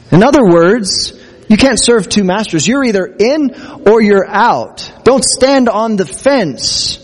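A man's voice: sits high, lively intonation, unhurried, long reverb tail. A man preaching a sermon as pastor, earnest, acting out quotes from scripture. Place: church.

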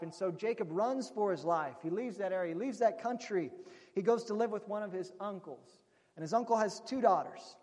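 Guy preaching, high voice, chatty storytelling, long echo like a big hall. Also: expressive, a little fast, a little mellow. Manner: conversational storytelling, addresses the audience as friends. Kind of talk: sermon. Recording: long reverb of a large hall.

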